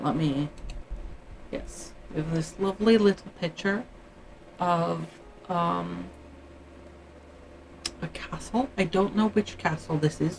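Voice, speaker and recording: A woman's voice: lowish voice, slight background noise, rough recording. A Canadian woman chatting casually on her livestream, musing aloud and often trailing off mid-thought.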